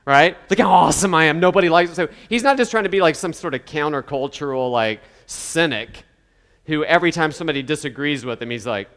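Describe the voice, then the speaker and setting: A man's voice: fairly high pitch, a little fast, a bit bright, in a large hall. A man preaching a sermon in a conversational way, now and then acting out the voices of the people he quotes. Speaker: pastor.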